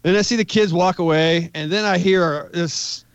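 A man's voice: high voice, moderate pace, smooth, dry recording, muffled recording. A man in his forties, a podcast guest, telling a rambling, profane war story in casual talk. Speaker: podcast guest, magazine editor.

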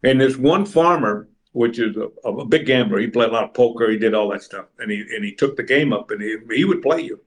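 A man's voice: medium pitch, a little fast, hardly any pauses. An older man from Texas, an interview guest telling long stories and acting out other people's lines. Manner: rambling raconteur, acts out other people's lines. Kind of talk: anecdotal storytelling.

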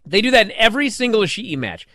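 A man on a podcast, chatting excitedly and acting out moments with shouted yells. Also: high voice, fast, no room sound, clean studio sound. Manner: animated, acts out moves with shouted yells. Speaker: podcast co-host. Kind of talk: excited wrestling podcast chat. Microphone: studio microphone, close.

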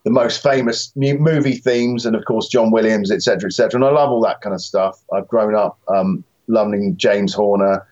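Rambling low-voiced man. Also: fairly quick, few pauses, darkish tone, dull audio. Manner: rambling, self-deprecating, many fillers and restarts. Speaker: musician guest. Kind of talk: casual interview talk.

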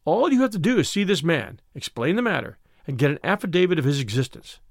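A man doing a brash lawyer who pushes and hustles, loud and emphatic. The voice jumps about in pitch with a gravelly rasp, heard close and dry. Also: big pitch swings, fast, dry recording, full character voice. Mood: pushy. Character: brash, pushy male lawyer, loud and hurried.

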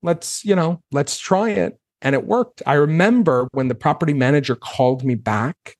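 A man in his thirties, a guest on an interview podcast, telling his story in a casual, animated way and acting out his own past reactions. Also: fairly high pitch, moderate pace, dry recording, clean studio sound.

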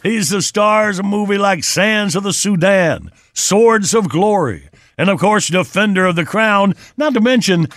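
Upbeat high-voiced radio host. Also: male voice, moderate pace, hardly any pauses, a bit bright, dry recording, studio quality. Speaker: radio morning show host. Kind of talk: casual morning radio banter.

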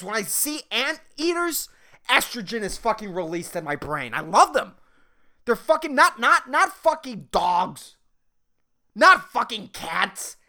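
A young man rambles through a profane comedic rant, his voice swinging up and down with animation. It is bright and forceful in tone, sitting a little high, and he breaks into laughter often. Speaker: podcast host.

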